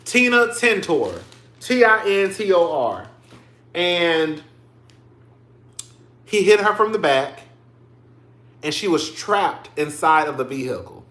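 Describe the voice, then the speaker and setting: A man with a high, bright voice talks through his livestream at an unhurried pace. He is chatty and emotional, addressing his listeners as "girl" and "y'all". The sound rings a little, like a small bare room. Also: very animated, reverberant. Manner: emotional, tearing up on stream. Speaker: livestream commentary host. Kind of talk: casual livestream commentary.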